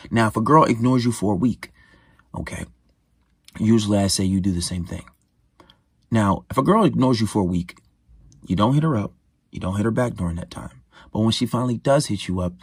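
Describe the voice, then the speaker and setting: A man's voice: mid-range voice, breathy edge, no room sound, clean studio sound. A man coaching on dating in a casual, slangy monologue that repeats points. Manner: conversational, repeats himself, slangy.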